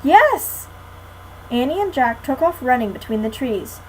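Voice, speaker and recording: A woman's voice: a little high, animated, fairly quick, darkish tone, a little hiss or hum, rough recording. Teen girl reading a storybook aloud. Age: teens. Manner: friendly, clear read-aloud. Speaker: guest reader. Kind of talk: reading a children's book aloud.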